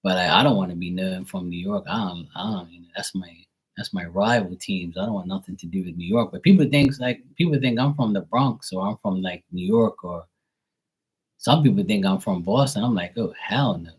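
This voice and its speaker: A man's voice: deep voice, fairly quick, slightly rough. A man who reads tarot on a live stream, rambling in casual chat, swearing freely, laughing and mimicking how other people talk. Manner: loose and profane, laughs often, mimics other people's voices.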